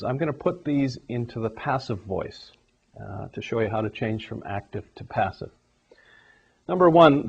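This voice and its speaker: Husky-voiced man teaching grammar. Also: mid-range voice. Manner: explanatory, steady classroom delivery. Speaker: English teacher. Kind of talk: grammar lesson. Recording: dull lo-fi recording.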